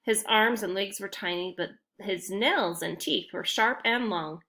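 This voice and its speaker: A woman's voice: mid-range voice, unhurried, gravelly, bright, forceful tone. A woman narrating a children's fantasy chapter as an audiobook reader, reading steadily and now and then restarting a phrase. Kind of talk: storybook narration.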